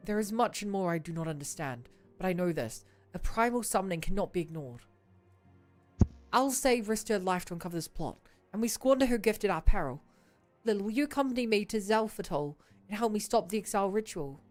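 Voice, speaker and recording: A woman's voice: medium pitch, lively intonation, darkish tone, faint music behind, pitched below the performer's own voice, lightly acted. A woman voicing an earnest young male scholar-diplomat from a game, speaking formally in a put-on British accent. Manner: formal, measured, old-fashioned diction.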